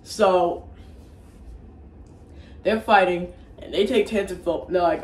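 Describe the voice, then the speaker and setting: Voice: mid-range voice, unhurried, distant mic. Rambling, profane movie-recap voice in an echoey room. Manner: rambling, crude and profane, with restarts. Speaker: movie reviewer. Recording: roomy echo, faint background ambience.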